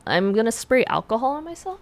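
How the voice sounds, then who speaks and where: Animated, playful woman streamer. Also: a little high, a little fast, no room sound. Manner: giggly, chatty, playful with chat. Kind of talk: casual live stream chat.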